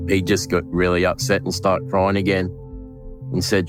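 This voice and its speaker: An Australian butcher recounting a late coworker in an emotional interview, with halting restarts and acted-out dialogue. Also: male voice, sits low, little pitch movement, music in the background. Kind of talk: interview recollection.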